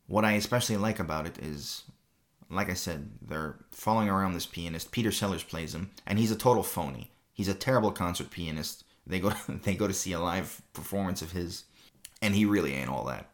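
A man's voice: low-pitched, brisk. A man hosting a film review show, talking casually and rambling, with many fillers and repeated phrases.

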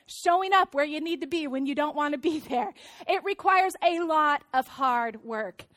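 A woman in her thirties, a pastor giving a sermon in a church, telling stories in a lively, conversational way. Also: very high voice. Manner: storytelling, animated, conversational. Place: church auditorium.

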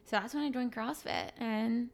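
A young woman, a fitness coach appearing as a podcast guest, chats in a relaxed, casual, emotional way, scattering fillers throughout. Her voice is a bit high with a gravelly fry, and she speaks at normal speed.

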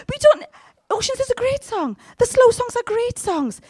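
A woman giving a sermon in a humorous, conversational way, with sudden loud, high outbursts. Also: very animated, moderate pace, dry recording. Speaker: preacher.

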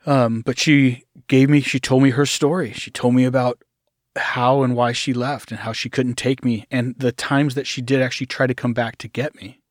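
A middle-aged man in an interview, telling his own story in a halting way, often restarting, sometimes acting out the voices he quotes. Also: mid-range voice, flat delivery, no echo, studio quality. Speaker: guest.

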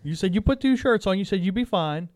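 A man's voice: high-pitched, quick pace, no echo, studio quality. Laid-back man telling a story. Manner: relaxed, laughing storytelling. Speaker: podcast host. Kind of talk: casual chat.

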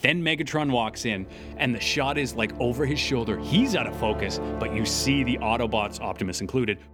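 A man's voice: medium pitch, brisk, over music. Chatty man recapping a cartoon episode. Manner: animated, acts out character lines in funny voices. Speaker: podcast co-host. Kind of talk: casual recap chat.

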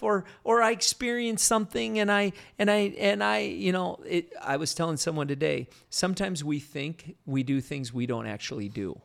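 A man's voice: high-pitched, vocal fry, a bit bright. A male pastor teaching in an earnest, conversational way, often restarting and repeating phrases. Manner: earnest, repetitive, many restarts.

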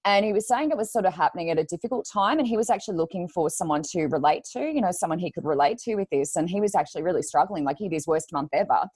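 Woman, podcast co-host, lower register, close dry sound, animated storyteller. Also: husky, no room sound. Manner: animated storyteller who acts out quotes. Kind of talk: casual podcast chat.

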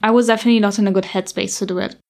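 A woman's voice: medium pitch, steady tone, racing, darkish tone. Young woman telling a candid personal story. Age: young adult. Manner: candid, anxious retelling of past worries.

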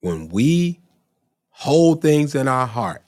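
A man preaching a sermon, exhorting and working himself up with cries of praise and long drawn-out phrases. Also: mid-range voice. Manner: exhorting, rising to excited shouts of praise.

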